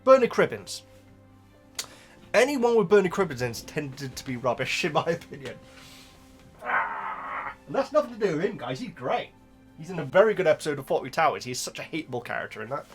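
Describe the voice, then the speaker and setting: A man's voice: fairly high pitch, very animated, a little fast, husky, soft background music. A man chatting casually on his own channel, rambling with many restarts between topics. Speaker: book reaction host. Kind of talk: casual chat while reading.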